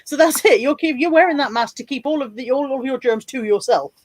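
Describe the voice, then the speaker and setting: Lively woman acting out her stories. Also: sits high, fairly quick, no echo. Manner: animated storyteller acting out quoted reactions. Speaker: guest. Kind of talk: casual chat.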